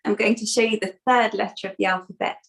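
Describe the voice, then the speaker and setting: A woman voicing an eager, rough-handed young boy god with a high, excited childlike voice. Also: quick pace, close to an everyday voice. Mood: bossy.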